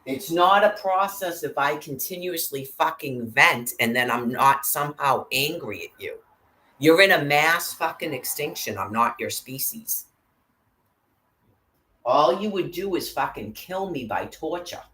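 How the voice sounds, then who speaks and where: A woman's voice: low-pitched, animated, a little slow, pushed and bright. A woman in an agitated, profanity-filled angry monologue to camera. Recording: roomy echo.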